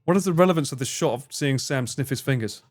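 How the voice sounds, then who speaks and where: A man's voice: mid-range voice, quick pace. A man streaming live, chatting casually with his viewers, swearing freely, laughing and bantering.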